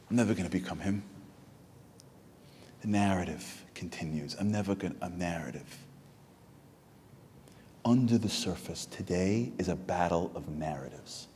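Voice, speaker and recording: A man giving an inspirational sermon in a synagogue, telling stories with rising, animated energy. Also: low voice, long reverb tail, a little hiss or hum. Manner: storytelling, builds to loud animated peaks. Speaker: speaker at a Tisha B'Av program. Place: synagogue hall.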